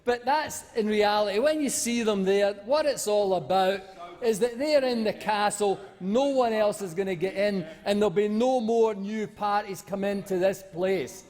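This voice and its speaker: Speaking at a moderate pace, the man's high, darkish voice carries a rambling, mocking senator's turn in a parliamentary debate. Fillers and restarts abound, and reverb from the large chamber colors the recording.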